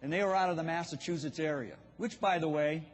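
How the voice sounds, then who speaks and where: Boston-accented man, husky high voice. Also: fast talker. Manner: storytelling, addresses audience directly. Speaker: business speaker. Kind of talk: motivational seminar talk. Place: event hall. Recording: long hall reverb.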